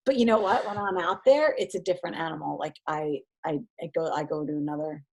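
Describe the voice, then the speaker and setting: A woman's voice: fast, a little hiss or hum. A woman in her thirties, a guest on an interview podcast, talking casually and acting out quoted exchanges. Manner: animated, acts out quoted exchanges in a higher voice. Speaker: podcast guest, triathlete and mindset coach.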